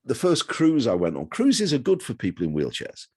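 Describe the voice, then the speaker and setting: A man's voice: medium pitch, wildly swooping pitch, moderate pace, darkish tone. A man in his sixties, a guest telling chatty, self-deprecating stories in a casual interview. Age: 60s.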